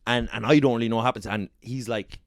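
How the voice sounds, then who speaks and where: An Irish podcast host spins a salty, rambling anecdote in a mid-pitched voice, dropping into quick impressions of the people in it. The sound is close and dry, with no room around it. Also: male voice, no echo. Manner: profane, animated anecdote-telling with quick impressions of others. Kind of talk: casual storytelling chat.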